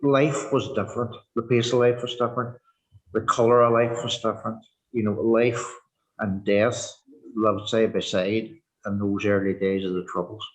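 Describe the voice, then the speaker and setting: Older Northern Irish man giving earnest personal testimony, lowish voice, halting delivery peppered with fillers. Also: little pitch movement, poor audio. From Northern Ireland. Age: 60s. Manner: halting, heavy with "you know" fillers; reflective and earnest. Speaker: former prisoner sharing his story.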